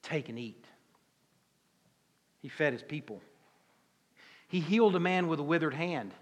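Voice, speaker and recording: A pastor with a Southern US accent preaches in a church sanctuary, folksy and conversational, with plenty of rhetorical questions. His expressive voice is on the high side, moves at a moderate pace, and has a big-room sound.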